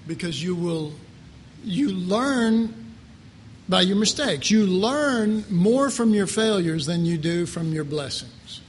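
A man's voice: high-pitched, expressive, slow pace, a little hiss or hum. A man preaching an informal sermon to a live congregation, conversational and joking, full of rhetorical questions.

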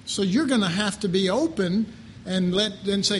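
High-pitched, joking preacher man. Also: moderate pace, slight background noise. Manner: conversational, joking, rhetorical questions. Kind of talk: informal sermon to a live congregation.

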